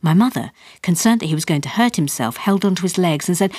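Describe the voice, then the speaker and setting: A woman reading her own comic memoir aloud in a radio studio, lively and building with excitement. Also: fairly low pitch, fast talker, no room sound. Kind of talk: storybook reading.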